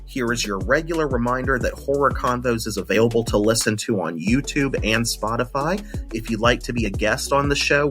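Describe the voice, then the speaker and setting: A young man hosting a solo podcast, thinking out loud and often restarting with repeated words. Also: medium pitch. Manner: analytical, thoughtful, repeats words when restarting. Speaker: podcast host.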